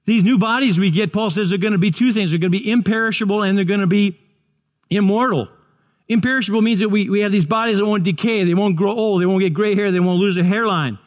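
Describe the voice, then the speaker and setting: High-voiced older preacher. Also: male voice, quick pace. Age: 60s. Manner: earnest, stumbling restarts, builds to excited shouts. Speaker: pastor. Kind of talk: sermon.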